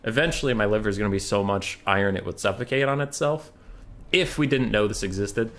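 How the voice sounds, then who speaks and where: A young man with a slightly low voice calls a strategy game match in a loose, chatty way. He drifts between play-by-play and off-topic banter, swearing casually. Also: fast talker, fairly bright tone. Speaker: game caster. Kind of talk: casual esports commentary.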